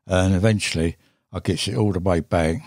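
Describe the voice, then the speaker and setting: A man's voice: low-pitched, normal speed, darkish tone, no room sound. An older English man telling a fishing story in a rambling, casual way, swearing often and laughing as he goes, on a studio mic. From England. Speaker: guest angler. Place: podcast studio.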